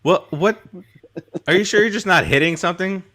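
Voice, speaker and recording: A man's voice: sits high, moderate pace, sharp tone. A man hosting a casual chat show over a video call, joking around and teasing his co-hosts. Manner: joking, teasing, laughs often. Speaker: show host.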